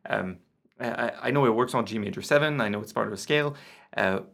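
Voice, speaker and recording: This French-born guitar teacher has a gravelly, lowish voice and moves at a quick pace through a laid-back online lesson. Counting beats out loud while he explains, he keeps things relaxed, with his own guitar sounding beneath his words.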